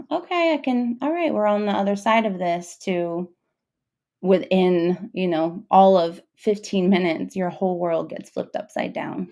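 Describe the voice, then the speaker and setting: A young woman, a mother, telling a personal story in a casual, emotional, halting way, full of fillers and restarts. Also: on the low side, gravelly, darkish tone.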